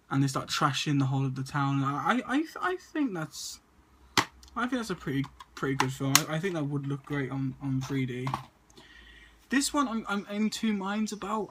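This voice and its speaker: A man's voice: fairly high pitch, slight background noise. A man, stuttering and restarting often as he casually talks through a list of movies to his camera. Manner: stutters and repeats words often. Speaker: movie vlogger.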